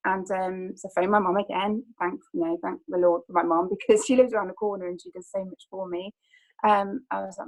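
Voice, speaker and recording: A woman in her thirties with a gravelly, creaky edge and a mid-range pitch. She tells her own story on a call in a rambling way, full of "like"s and restarts. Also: fairly even intonation, brisk, a little mellow, rough recording. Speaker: personal trainer. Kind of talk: personal testimony on a group call.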